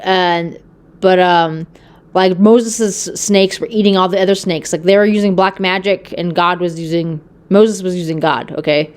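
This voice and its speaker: A woman's voice: mid-range voice, clear, resonant tone. A woman casually retelling a Bible story on her channel. She rambles, with lots of fillers and a tag question of "okay?". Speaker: Bible video host.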